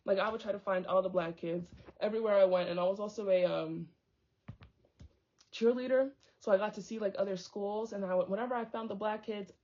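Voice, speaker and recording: Reading a book out loud and adding her own commentary, a young woman stumbles on tough words and drifts into chatty asides. She speaks briskly in a medium pitch with a slightly mellow quality, and the lo-fi recording sounds dull.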